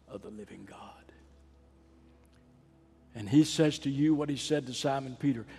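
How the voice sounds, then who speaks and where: A man preaching a sermon and leading an altar call, rising to ringing climaxes and dropping to hushed pleading. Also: mid-range voice, vocal fry, husky. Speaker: pastor. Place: large church sanctuary. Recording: long hall reverb.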